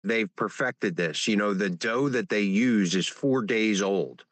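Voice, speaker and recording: Friendly low-voiced co-host. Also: male voice, unhurried, dry recording. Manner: friendly, laughing, calls on speakers. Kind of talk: casual chat.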